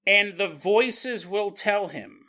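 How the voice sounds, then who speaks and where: A man's voice: sits high, slow, sharp tone. A man hosting a paranormal podcast, retelling a strange story with comedy, laughing often and slipping into mock voices for the people in it. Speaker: podcast host.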